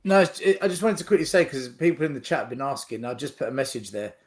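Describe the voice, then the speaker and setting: A man on a casual fan podcast, earnestly explaining a problem with lively rises and falls. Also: mid-range voice, quick pace. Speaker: panelist.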